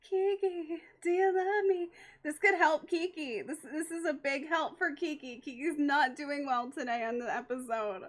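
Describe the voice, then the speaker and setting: A young adult woman streaming a game live, reacting excitably, laughing often and talking to her chat. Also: high voice, moderate pace, hardly any pauses.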